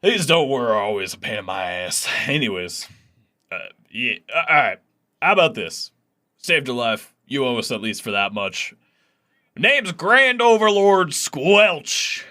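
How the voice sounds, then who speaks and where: A man's voice: medium pitch, very animated, measured pace, pushed and bright. A man voicing a folksy, rambling male plasmoid blob who captains a ship. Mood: blustery.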